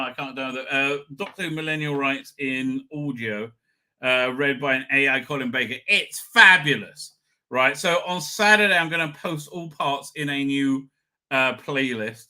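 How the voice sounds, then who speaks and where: A man's voice: medium pitch, pushed and bright. A middle-aged man hosting a casual livestream, rambling through viewer comments with many fillers and restarts and an irreverent edge. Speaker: livestream host. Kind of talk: casual live chat reading viewer comments.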